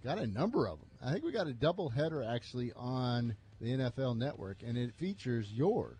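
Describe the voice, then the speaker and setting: A man's voice: mid-range voice, big pitch swings, brisk, mellow, slightly rough. A man co-hosting a morning sports radio show, leading segments in casual talk.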